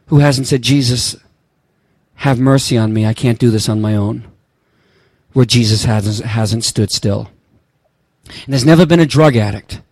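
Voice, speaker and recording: A male pastor delivers a storytelling sermon in a middle-pitched voice. He moves between hushed, low moments and soaring, impassioned lines that near a shout. The recording is close and dry, with no room sound. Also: dry recording.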